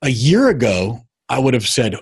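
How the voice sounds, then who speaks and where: A man's voice: mid-range voice, normal speed, breathy edge. A middle-aged man telling a personal story in a casual chat, acting out what others said. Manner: animated storyteller, acts out quotes. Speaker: guest.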